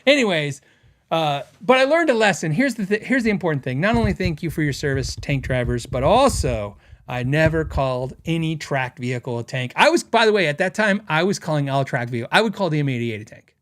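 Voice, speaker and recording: Brisk and very animated, a middle-aged man with a slightly high, somewhat bright voice hosts a casual podcast. As he goes through viewer comments, he tells stories in a wandering way, laughing often and using many fillers.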